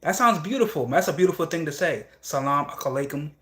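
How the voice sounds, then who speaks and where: A man's voice: fairly high pitch, sing-song, quick pace, fairly bright tone. Rambling livestreamer man, casual talk. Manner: rambling, repeats phrases, frequent "you know what I'm saying". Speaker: livestream host reading chat.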